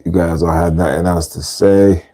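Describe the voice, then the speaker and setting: A man's voice: deep voice, steady tone, moderate pace, dark tone. A man hosting a podcast, talking casually in street slang and repeating words for emphasis. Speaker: podcast host. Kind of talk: casual monologue.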